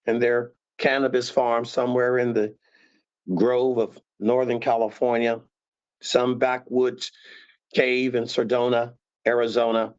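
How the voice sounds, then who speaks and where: A man teaching scripture conversationally, animated and acting out tones of voice to make his points. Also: mid-range voice, unhurried, smooth, muffled recording. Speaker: Bible teacher.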